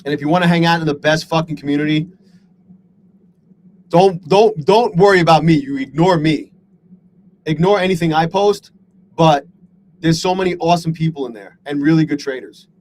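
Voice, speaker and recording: A man's voice: a little high, normal speed, long pauses, a little mellow, low-quality recording. A man live-streaming his day trading, talking to his chat in a frustrated, self-deprecating way and swearing a lot.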